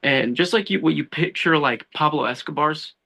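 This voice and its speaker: Guest on a casual podcast: a man with a gravelly, bright voice telling animated, slangy stories. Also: on the high side, moderate pace. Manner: animated storytelling, says dude and bro a lot. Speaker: guest, law enforcement officer.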